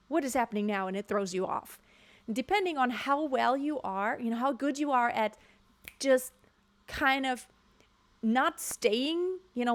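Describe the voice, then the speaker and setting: A woman vocal coach giving frank, emphatic casual commentary from home, now and then breaking into short sung demonstrations. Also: a little high. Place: home room near construction noise.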